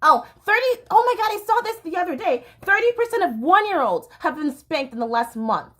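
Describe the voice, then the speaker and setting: Woman podcast host with a high voice, speaking solo in a heated, rambling casual monologue. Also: big pitch swings, a little fast, a bit bright. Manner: impassioned, rambling, self-interrupting. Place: home near a train line.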